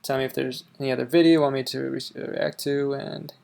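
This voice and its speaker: Creaky-voiced man with a Wisconsin accent. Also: medium pitch, little pitch movement, a little mellow. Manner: halting, with many fillers and restarts. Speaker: host reacting to a video. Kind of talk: casual reaction commentary.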